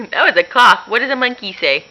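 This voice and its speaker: A woman's voice: on the high side, pushed and bright, low-quality recording. A woman talking to her toddler at home in playful, coaxing baby talk, with frequent laughs. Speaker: mother.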